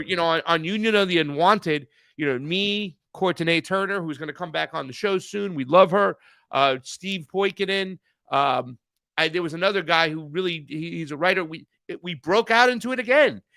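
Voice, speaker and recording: Gravelly-voiced joking male talk host. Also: on the high side, normal speed, pushed and bright, dry recording. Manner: loose, joking, profane, rambling. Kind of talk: casual political talk show chat.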